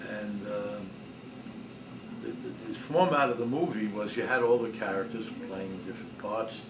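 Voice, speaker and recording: An older man telling anecdotes to an audience in a small cafe, animated and often laughing, mimicking other people's voices. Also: on the low side, moderate pace. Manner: animated, laughing storyteller, mimics his father's voice. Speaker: author giving a talk. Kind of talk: anecdotal storytelling talk. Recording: roomy, distant mic, noisy.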